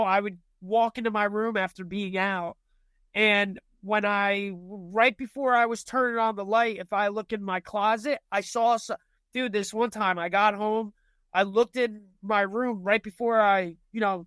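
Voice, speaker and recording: A man's voice: high voice, fairly bright tone, smooth, no echo. A young man telling ghost stories in casual chat, rambling with lots of fillers and restarts. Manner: rambling, filler-heavy storytelling.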